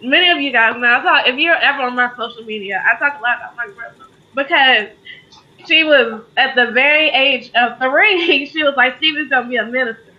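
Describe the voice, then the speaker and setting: A woman's voice: high voice, fairly quick, lo-fi sound. A woman co-host giving a heartfelt spoken tribute, fighting back tears as she talks. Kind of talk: emotional tribute in casual talk.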